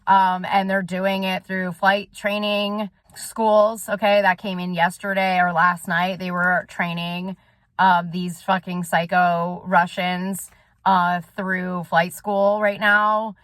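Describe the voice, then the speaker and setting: A soul coach and vlogger speaks straight to her viewers in a casual monologue that's intense, rambling and full of swearing. Her voice sits on the low side, level and slow, with a fairly bright tone and no echo.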